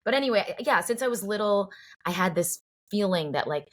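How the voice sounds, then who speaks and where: A woman's voice: medium pitch, animated, fairly quick, a bit bright. A woman in her forties from the Boston area, a singer-songwriter guest talking earnestly and reflectively in an interview, with many fillers and restarts. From Cambridge, Boston area. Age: 40s. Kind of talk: heartfelt conversational interview.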